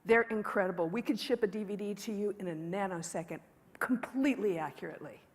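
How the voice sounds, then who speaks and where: A woman's voice: medium pitch, fast. Candid woman giving a keynote. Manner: candid, joking, conversational. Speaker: keynote speaker. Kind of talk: conference keynote storytelling. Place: large conference hall. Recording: long hall reverb from stage.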